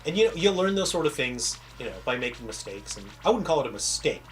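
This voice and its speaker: A man's voice: mid-range voice, sing-song, fast talker, soft background music. Rambling man chatting on a livestream. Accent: faint American Southern. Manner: rambling, self-interrupting storyteller. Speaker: game developer streamer. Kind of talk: casual livestream chat with viewers.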